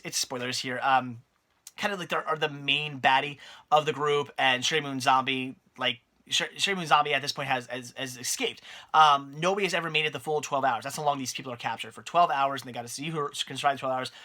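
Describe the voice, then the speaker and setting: Bright-voiced man rambling through a review. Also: a little high. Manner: rambling, many fillers and restarts. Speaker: movie reviewer. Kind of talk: casual spoken movie review.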